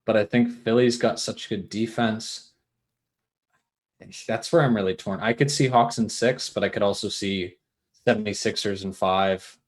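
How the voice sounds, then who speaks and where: A man's voice: lowish voice, normal speed. Upbeat jokey man hosting sports chat. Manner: jokey, upbeat, with playful asides. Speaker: podcast co-host.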